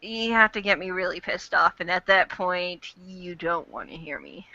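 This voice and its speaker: A woman's voice: on the low side, animated, moderate pace, sharp tone, dry recording. A woman hosting a casual online fan chat, rambling and chatty with casual swearing, on a dull lo-fi recording.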